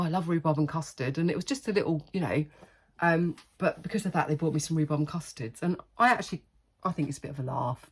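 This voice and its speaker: A woman's voice: sits low, darkish tone. A middle-aged woman, chatting casually and rambling in a haul vlog, laughing often. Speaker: haul vlogger.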